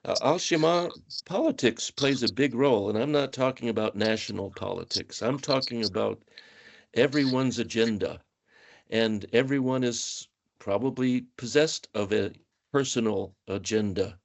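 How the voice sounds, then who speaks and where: A man's voice: medium pitch, normal speed, gravelly. A man hosting a panel discussion, thoughtful and affirming as he poses questions. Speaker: host.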